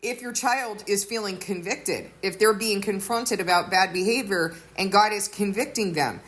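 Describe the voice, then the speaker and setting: A woman's voice: mid-range voice, normal speed, fairly bright tone. A woman giving an earnest sermon-style teaching, explaining with everyday examples. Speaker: teacher of a faith community.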